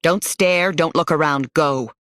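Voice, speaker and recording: A woman's voice: deep voice, a little slow, fairly bright tone, dry recording, studio quality. A woman narrator voicing a grown man who takes charge and urges children to flee. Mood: urgent. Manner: urgent commands. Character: grown man leading a tense escape, urgent and in charge.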